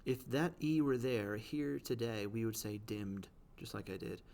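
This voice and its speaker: Gravelly-voiced man explaining poetry. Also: on the low side, a little mellow. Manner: explanatory, reads quoted verse slowly, frequent "right?" checks. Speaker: teacher.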